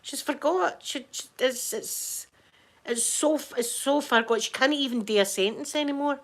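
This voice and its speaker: Hoarse middle-aged Scottish woman vlogger, halting casual chat, lots of repeats and restarts. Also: sits high. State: hoarse from crying. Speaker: vlogger talking to viewers.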